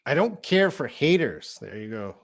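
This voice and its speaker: A man's voice: medium pitch, very animated, normal speed, gravelly. A man teaching an English lesson on a live stream, reading out viewer comments and explaining patiently.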